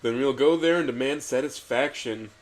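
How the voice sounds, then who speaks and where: A man voicing a bombastic, lasagna-obsessed cartoon cat hero who booms grand declarations. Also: moderate pace, lightly acted. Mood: smug.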